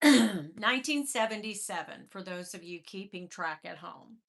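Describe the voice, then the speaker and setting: Bright-voiced chatty woman live-streaming. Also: medium pitch, animated, measured pace. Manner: chatty, greets viewers by name, laughs often. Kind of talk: casual live-stream storytelling.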